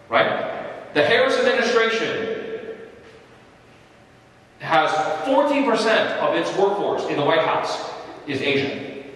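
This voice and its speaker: A man's voice: on the high side, sing-song, normal speed, fairly bright tone. Emphatic man in an echoey hall. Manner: emphatic, persuasive, acts out dialogue with officials. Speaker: community organizer speaking to an audience. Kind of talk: public talk. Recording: echoey hall, far from mic.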